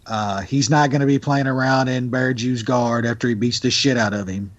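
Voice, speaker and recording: A man's voice: medium pitch, fairly even intonation, moderate pace. A man co-hosting a podcast, talking bets in a blunt, profane, emphatic way. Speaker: podcast co-host. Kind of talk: casual sports betting chat. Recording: dull lo-fi sound.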